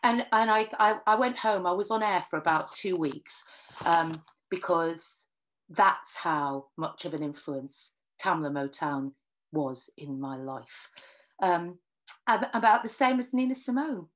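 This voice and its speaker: A middle-aged woman from Northwest England, a singer telling animated anecdotes and acting out the dialogue. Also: on the low side, a little slow. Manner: lively storyteller, acts out quoted dialogue. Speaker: singer and writer giving a talk.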